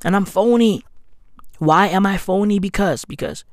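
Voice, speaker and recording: A woman ranting in a profane, slang-heavy, sarcastic vlog. She swings between loud outbursts and hushed asides. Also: medium pitch, normal speed, dry recording, studio quality. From South Africa. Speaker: vlogger. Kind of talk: profane self-mocking vlog rant.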